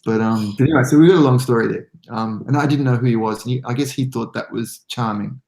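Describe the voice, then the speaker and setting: A man's voice: mid-range voice, fast, darkish tone. An Australian man, a guest on a hobby podcast, telling long stories in a casual, rambling way with many restarts and self-deprecating laughs. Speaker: guest modeler.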